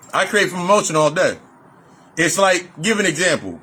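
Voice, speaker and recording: A man's voice: high-pitched, sing-song, normal speed, bright, forceful tone, husky. A man giving a casual, profane spiritual talk in loose run-on sentences, repeating phrases for emphasis. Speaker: spiritual reader and life coach. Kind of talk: freewheeling spiritual monologue.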